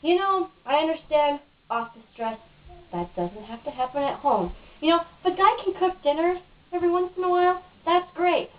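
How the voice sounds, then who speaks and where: A woman's voice: high voice, expressive, normal speed. A woman being interviewed in a casual home video, talking in a frustrated, cynical rant. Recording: dull lo-fi, mic at a distance.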